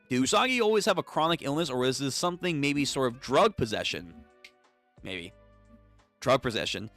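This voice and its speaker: A young man hosting a live comic read-through, reading all the parts in an animated, casual voice that swears freely. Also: mid-range voice, normal speed, soft background music. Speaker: streamer reading manga.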